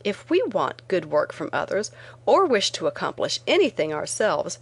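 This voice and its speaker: A woman reading a first-person memoir aloud as an audiobook narrator, in a clear storytelling manner. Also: lowish voice, wildly swooping pitch, moderate pace.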